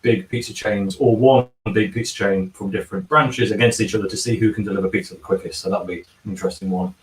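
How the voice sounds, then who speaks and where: A man chats casually on a livestream, humming little filler syllables as he reads out comments. His voice sits fairly low and comes from a little way off the mic, in an echoey bar room. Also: steady tone, quick pace, distant mic. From England. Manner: chatty, hums filler syllables while scrolling comments. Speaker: livestream host reading chat. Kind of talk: casual chat. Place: bar and kitchen.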